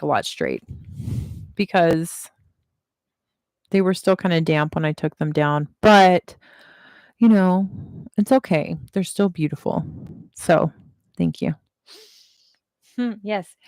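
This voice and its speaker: A woman's voice: lowish voice, darkish tone, no room sound, studio quality. A woman, giving a casual livestream tarot reading and chatting, repeating reassurances with chatty asides, seated at a table at home. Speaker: tarot reader.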